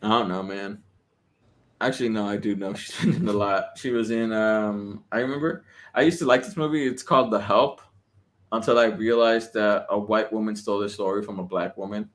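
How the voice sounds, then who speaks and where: A man in casual podcast chat, telling stories in an animated, profane way. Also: on the low side, brisk.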